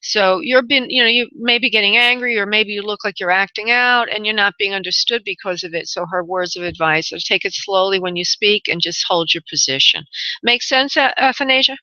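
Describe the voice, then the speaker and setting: A woman hosting a call-in radio show as a spirit medium, giving gentle readings and calling the caller honey. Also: mid-range voice, fairly quick, dry recording. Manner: soothing, calls caller honey and sweetheart. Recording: dull lo-fi call-in radio audio.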